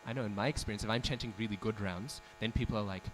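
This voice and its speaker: A man's voice: fairly low pitch, fairly even intonation, racing, slight background noise, poor audio. Man telling a devotional story in class. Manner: storytelling, asks the audience questions, acts out quoted speech. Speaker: speaker giving a scripture class. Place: temple hall.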